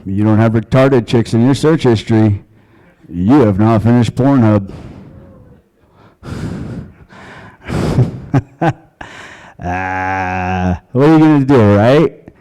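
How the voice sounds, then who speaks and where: A man performing a stand-up comedy set on a club stage into a handheld mic, with a crude, deadpan, conversational delivery. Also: fairly low pitch, drawn-out words, long pauses, clear, resonant tone, low-quality recording.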